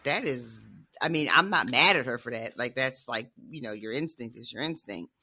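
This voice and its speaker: A woman's voice: rumbling low, animated, moderate pace, bright, forceful tone, no echo. A woman co-hosting a podcast in casual book-discussion chat, emphatic and laughing often. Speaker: podcast co-host.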